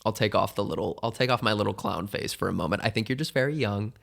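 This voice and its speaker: A man's voice: fairly low pitch, fast, creaky, fairly bright tone. A man hosting a podcast, answering listener questions in a candid, rambling, self-mocking way. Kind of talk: casual advice chat.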